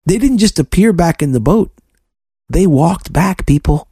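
A man co-hosting a faith podcast, preaching fervently and telling lively stories to his listeners. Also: on the high side, normal speed, breathy edge, no echo, studio quality. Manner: fervent, preachy, animated storytelling. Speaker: podcast co-host.

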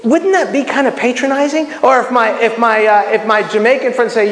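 High-voiced guy preaching, acts out prayers, stumbles and restarts, echoey hall with long reverb. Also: animated, brisk, few pauses, fairly bright tone. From Miami, United States. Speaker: bible teacher. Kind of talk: sermon-style teaching. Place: community center hall.

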